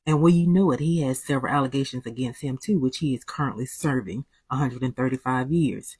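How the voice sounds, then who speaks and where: Voice-over narrator, insinuating, matter-of-fact, husky, dry sound. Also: medium pitch, brisk, darkish tone, no echo.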